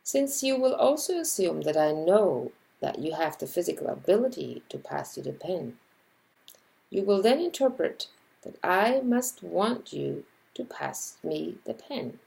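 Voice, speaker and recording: A woman lecturer talks unhurriedly in a warm, dark voice with lots of gravelly fry. Her pitch moves a great deal as she explains, and she voices example sentences along the way. The delivery is scripted and measured. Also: very animated, poor audio. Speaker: linguistics lecturer. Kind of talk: scripted educational narration.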